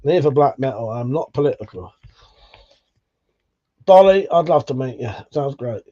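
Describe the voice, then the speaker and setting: Brief: man, livestream host, joking and cursing through chat, warm tone, muffled lo-fi sound. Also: mid-range voice, lively intonation, normal speed. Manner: swearing, joking banter. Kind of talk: casual live chat reading viewer messages.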